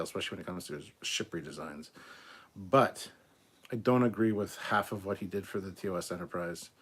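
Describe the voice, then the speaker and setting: A man hosting a live stream, reading out viewer comments and giving blunt, opinionated answers, often clearing his throat and stumbling over words. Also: fairly low pitch, fairly bright tone. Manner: blunt and opinionated, swears casually. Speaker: host of a live show.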